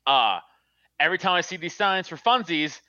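A man's voice: on the high side, animated, normal speed, pushed and bright, lo-fi sound. A man telling a profane, laughing story in casual chat.

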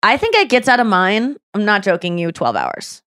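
A woman hosting a loose, chatty podcast in a small studio. Her voice is a bit smoky and worn from the early morning, mid-pitched, and sits dry and close to the mic. She rambles and laughs at herself. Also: wildly swooping pitch, moderate pace, fairly bright tone, no room sound. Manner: chatty, self-deprecating, trails off and restarts. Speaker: podcast host. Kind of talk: casual studio chat.

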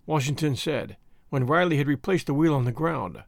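A man's voice: fairly high pitch, normal speed, gravelly, no echo, clean studio sound. A man narrating a period story in scripted audiobook style, voicing each character as he goes.

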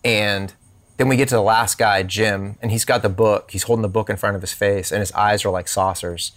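A man's voice: on the low side, steady tone, a little fast, fairly bright tone. A man who is a podcast guest, telling a personal faith story and acting out quoted dialogue in shifting voices.

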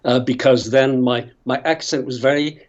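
A man's voice: mid-range voice, steady tone, moderate pace, dull audio. An older man from Northern Ireland, an actor telling long, rambling stories with many tangents and chuckles. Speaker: actor guest. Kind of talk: storytelling interview.

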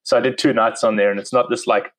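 A man's voice: medium pitch, steady tone, fast talker, low-quality recording. A man in his thirties with a South African accent, chatting casually as an interview guest and laughing easily. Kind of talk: casual conversation.

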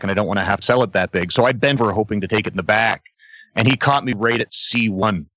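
A man's voice: fairly low pitch, no echo. Dry-voiced man telling a wild story. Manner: animated storyteller, laughs between lines, acts out other voices. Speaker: guest, former wrestler. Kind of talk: casual anecdote telling.

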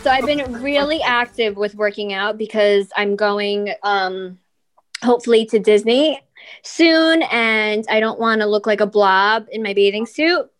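A woman and mother co-hosting a podcast, chatting casually in an animated, blunt way with plenty of swearing. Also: mid-range voice, unhurried. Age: adult mother of school-age kids. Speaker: podcast co-host. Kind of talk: casual chat.

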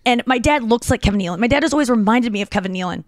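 Fairly high-pitched, animated and very fast, a female comedian co-hosting a podcast chats through meandering stories full of "like" and restarts. The recording is dry.

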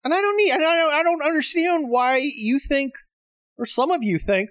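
A man's voice: very high-pitched, normal speed, fairly bright tone, no room sound, studio quality. A middle-aged man hosting his own show, delivering a combative, profanity-laced solo rant. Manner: profane, combative, exasperated ranting. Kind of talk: solo ranting monologue.

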